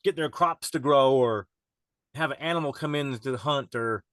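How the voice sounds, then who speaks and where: A man's voice: mid-range voice, normal speed, a bit bright, no room sound. A man guest on a podcast, telling a wild story in a rambling, profane way with frequent laughs. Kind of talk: casual storytelling chat.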